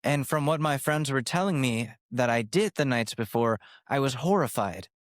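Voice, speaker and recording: A man's voice: mid-range voice, animated, normal speed, no echo, clean studio sound. A young man in his twenties hosting a podcast, telling a personal story in a rambling, profane, self-mocking way that keeps drifting off on tangents. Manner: jumps from sidetrack to sidetrack. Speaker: podcast host. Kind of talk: candid storytelling rant.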